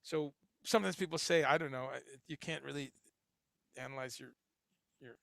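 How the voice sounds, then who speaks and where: A middle-aged man hosts a casual livestream in a gravelly, bright, fairly high voice. He rambles loosely, swears freely and reads viewer comments aloud. The sound is dry and close to the mic. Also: moderate pace, no room sound. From grew up in Chicago and Guyana, later New Jersey. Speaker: livestream host.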